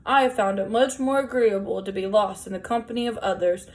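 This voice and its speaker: A woman voicing a huge, kindly bearded man of the road who speaks in gentle, formal phrases. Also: mid-range voice, fairly quick, natural voice. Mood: genial. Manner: courtly, gentle, wordy.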